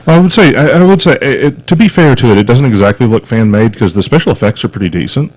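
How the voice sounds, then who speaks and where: A man's voice: mid-range voice, expressive, quick pace, a little mellow, poor audio. A man co-hosting a casual podcast, rambling and hesitant, full of fillers and repeated words. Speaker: podcast co-host. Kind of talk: casual chat.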